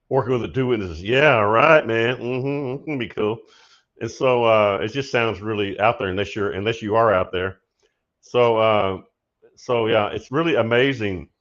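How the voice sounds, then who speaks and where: A man hosting a prophetic teaching show, telling a story in a casual, animated way and laughing often. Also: fairly low pitch, measured pace, muffled recording. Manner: animated, laughs often, shouts when acting out his story. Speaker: prophetic minister and show host.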